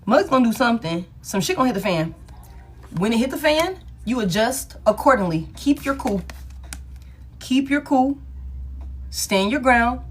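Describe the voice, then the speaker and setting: A woman with a slightly high voice gives a live tarot reading. She talks casually and with emphasis, and she swears freely. She drives each point home by saying it again and again. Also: very animated, normal speed, long pauses. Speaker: tarot reader.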